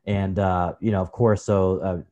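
A man in his forties, a podcast guest, telling personal stories in a relaxed, chatty way, often saying "you know" and calling the host brother. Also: sits low, normal speed, muffled recording. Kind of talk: personal storytelling in a conversation.

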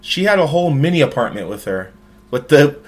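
A man's voice: fairly high pitch, very animated, a little fast. A young man from the United States chats loosely on his podcast. His delivery rambles and jokes, filled with "like" and restarts. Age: young adult. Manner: rambling, joking, heavy use of "like". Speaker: podcast host. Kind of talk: casual chat.

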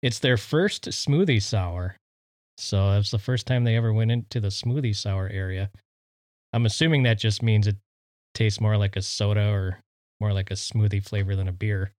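Low-voiced laid-back man, dry sound. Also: normal speed, darkish tone, no echo. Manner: easygoing, fact-checking, many fillers. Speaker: podcast co-host. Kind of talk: casual chat.

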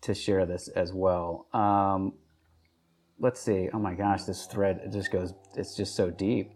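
A man's voice: sits low, steady tone, slow pace, a little mellow. Dry-teasing man in casual chat. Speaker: podcast co-host.

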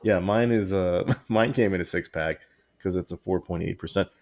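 A man's voice: sits low, normal speed, darkish tone. A man co-hosting a podcast in casual chat, rambling and often breaking into laughter mid-sentence. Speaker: podcast co-host.

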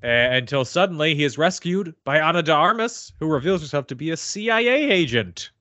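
A man's voice: a little high, animated, fairly quick, sharp tone, no echo. A man co-hosting a podcast, recapping a movie plot in a dry, sarcastic, casual way. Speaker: podcast co-host. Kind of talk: casual movie review chat. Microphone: remote podcast mic, no camera.

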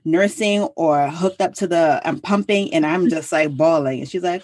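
A woman hosting a podcast in casual conversation, telling stories in a relaxed way and trailing off into fillers. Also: sits low, moderate pace, hardly any pauses. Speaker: podcast host.

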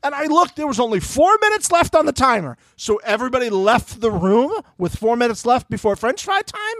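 A man co-hosting a casual recap podcast, animated and swearing often, acting out what people said. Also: extremely high pitch, fairly quick, no room sound, clean studio sound. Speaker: podcast co-host.

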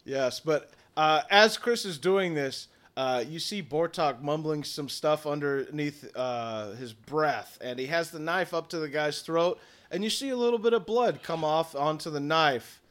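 A man's voice: fairly high pitch, unhurried, hardly any pauses, a bit bright. A man acting as game master, narrating the scene of a tabletop game in a matter-of-fact, descriptive way.

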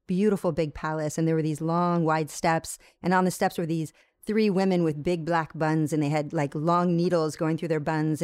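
A woman guest tells a long personal story in an animated way, stumbling and restarting as she goes. Her voice sits a little low for a woman. The recording is close and dry, with no room sound. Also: dry recording. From United States. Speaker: interview guest, yoga teacher. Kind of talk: storytelling in a conversation.

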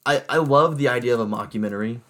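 A young man co-hosts a relaxed chat about favorite movies. His voice sits in the middle range. He jokes about himself and laughs easily. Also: mid-range voice, fast. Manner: laughing, self-conscious joking. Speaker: podcast co-host.

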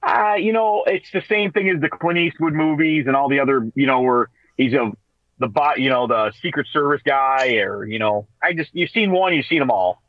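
A man co-hosting a radio talk show, telling stories in a casual, animated way and laughing as he goes. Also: medium pitch, normal speed, no room sound, dull audio. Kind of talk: casual storytelling chat.

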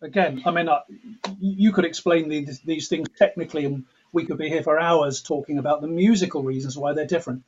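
Husky English man, musing aloud. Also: on the high side, a little fast. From England. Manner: reflective, restarts sentences, mimics accents playfully. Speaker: composer interviewed as guest. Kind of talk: thoughtful interview talk. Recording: dull lo-fi audio.

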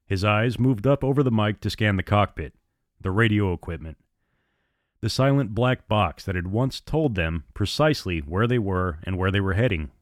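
Brief: male narrator, low and measured, dry close sound. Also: no room sound. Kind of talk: storybook narration.

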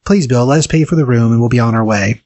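Give me a man putting on a soothing young woman, patient and calm. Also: medium pitch, fast talker, no echo, lightly acted.

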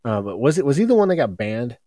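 A man's voice: medium pitch, very animated, fast talker, mellow, no room sound. A man guesting on a sports talk show, speaking in a loose, rambling way with lots of restarts. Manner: rambling, many restarts and fillers. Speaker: podcast guest. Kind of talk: casual sports chat.

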